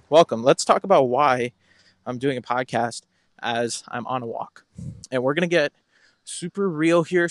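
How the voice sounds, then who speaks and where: A man's voice: medium pitch, dry recording, studio quality. A man hosting a podcast, talking casually into his phone while outdoors on a walk, a little out of breath, rambling and correcting himself as he goes. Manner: rambling, self-correcting and candid. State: slightly out of breath from walking. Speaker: podcast host. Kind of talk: casual walking monologue.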